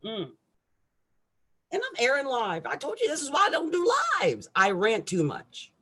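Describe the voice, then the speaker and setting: A middle-aged woman astrologer ranting irritably on a live stream, with loud outbursts and quiet asides. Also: on the high side, huge pitch swings, moderate pace, breathy edge.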